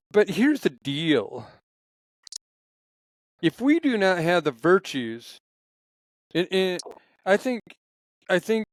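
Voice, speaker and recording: A man's voice: on the high side, no echo, rough recording. A man in casual conversation, telling stories in a rambling, passionate way, with many restarts. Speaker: podcast guest.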